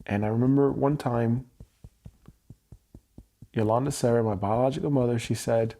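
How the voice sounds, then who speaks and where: Gravelly, dark-voiced man reflecting candidly. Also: mid-range voice, fairly even intonation. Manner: slow, candid, searching self-reflection. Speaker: EFT tapping livestream host. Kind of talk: personal reflective livestream talk. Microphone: livestream mic.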